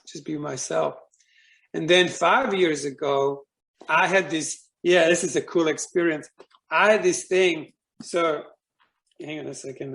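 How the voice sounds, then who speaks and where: A man's voice: a little high, vocal fry, fairly bright tone. A man speaking as a guest, telling a personal story in a casual, rambling way with many fillers and restarts.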